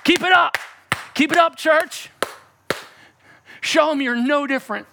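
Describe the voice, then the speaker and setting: Dude doing a sneering devil, loud and high, mocking everyone. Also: male voice, unhurried, creaky, noisy background, full character voice. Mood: gloating. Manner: mocking, taunting. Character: gloating male devil taunting the church.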